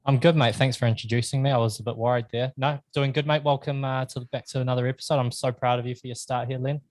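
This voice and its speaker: A man's voice: mid-range voice, steady tone, quick pace, dry recording. A young man with a New Zealand accent in casual podcast chat, teasing his mates in an easygoing way. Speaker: podcast co-host.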